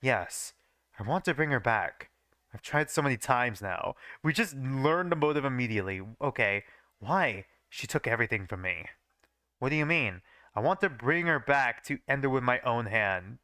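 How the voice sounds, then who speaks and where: A young man streams a reading of his old fanfiction, stopping often to mock it with casual swearing. His voice is bright and clear, with a lively, fairly high pitch. The sound is dry and close. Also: normal speed, no room sound. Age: young adult. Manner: swears casually and laughs at his own writing. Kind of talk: live reading with joking asides.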